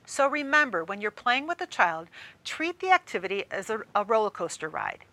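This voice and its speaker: A woman presenter with a medium-pitched voice gives a training talk at a moderate pace. She tells a story in a lively way, speaking directly to the listener.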